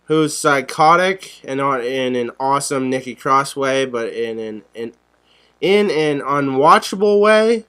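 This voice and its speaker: A man's voice: mid-range voice, measured pace, sharp tone, clean tone. A young man co-hosting a podcast, talking bluntly and sarcastically and swearing often. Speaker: podcast co-host. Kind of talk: casual podcast chat.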